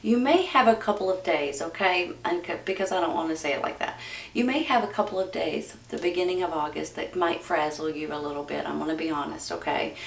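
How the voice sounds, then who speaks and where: A woman's voice: deep voice, a little fast, creaky, far from the mic. A woman giving a casual tarot reading, talking straight to viewers in a chatty, reassuring way and rambling loosely with many ums. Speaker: tarot reader. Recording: roomy echo, voice from off-mic.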